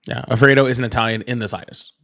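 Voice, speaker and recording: A man's voice: medium pitch, steady tone, vocal fry, fairly bright tone. A man talks casually to his livestream viewers in a mid-range voice. He rambles, restarts his sentences and breaks off to greet people in the chat. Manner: rambling, chatty, greets viewers, quick asides. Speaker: livestream host. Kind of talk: casual live-stream chat.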